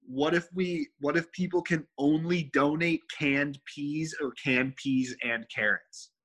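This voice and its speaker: A man's voice: fairly high pitch, steady tone, a little slow, fairly bright tone, rough recording. A man co-hosting a podcast, chatting casually in a rambling way and laughing often. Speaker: podcast co-host. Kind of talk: casual chat.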